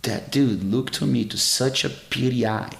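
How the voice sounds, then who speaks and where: A man's voice: medium pitch, normal speed, creaky. Earnest man telling stories, roomy sound. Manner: earnest, expressive storyteller with non-native English phrasing. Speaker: jiu-jitsu champion and guest. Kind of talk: casual storytelling interview. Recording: roomy echo.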